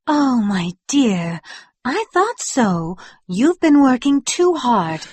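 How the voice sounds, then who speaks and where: A woman voicing a gentle, quietly determined young wife in a dry audiobook reading. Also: fairly high pitch, very animated, takes it slowly, slightly rough, dry recording, full character voice. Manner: soft and gentle.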